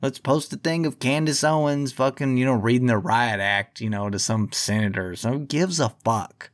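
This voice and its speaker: A man's voice: medium pitch, moderate pace. A man hosting a podcast, ranting in a profane, combative monologue. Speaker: podcast host.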